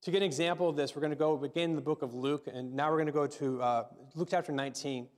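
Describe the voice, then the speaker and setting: A man's voice: fairly high pitch, steady tone, fast talker. A middle-aged man preaching a sermon as pastor, talking to the congregation in a loose, conversational way, often repeating words and asking questions.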